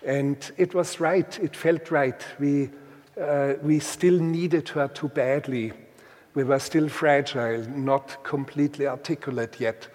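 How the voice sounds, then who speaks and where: Male storyteller, deliberate and halting delivery, very slow, recorded with a long reverberant tail. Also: a little high, steady tone, darkish tone. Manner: halting, deliberate, with many restarts. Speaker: guest telling a story. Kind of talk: slow reflective storytelling with readings.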